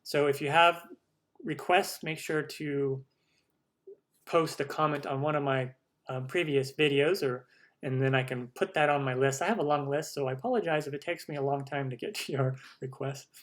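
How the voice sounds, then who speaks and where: A man's voice: on the high side, moderate pace, a bit bright. A man from the United States hosting a cooking channel live stream, chatting upbeat through viewer questions with lots of ums.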